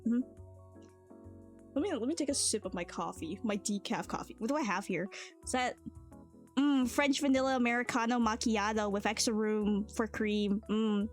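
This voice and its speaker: A woman's voice: on the high side, normal speed. A woman streamer chatting casually, rambling and playful, laughing often. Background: faint cafe music.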